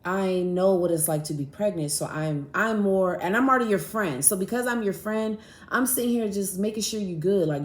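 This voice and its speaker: A woman's voice: fairly low pitch, brisk, few pauses. A young woman tells a story on her podcast, loose and profane, acting out each side of a quarrel. The sound is roomy and echoey. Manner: animated, profane, acts out both sides of arguments. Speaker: podcast host. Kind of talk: casual storytelling monologue. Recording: echoey room.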